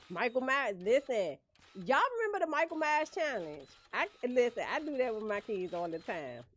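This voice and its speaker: A woman's voice: on the high side, sing-song, moderate pace. A woman streaming a game, chatting casually with viewers and laughing often. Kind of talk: casual livestream chat while gaming.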